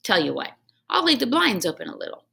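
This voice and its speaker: A woman reading a children's book aloud, voicing a hearty, joking male night janitor who booms and chats. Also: huge pitch swings, brisk, gravelly, bright, forceful tone, full character voice. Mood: jolly, teasing.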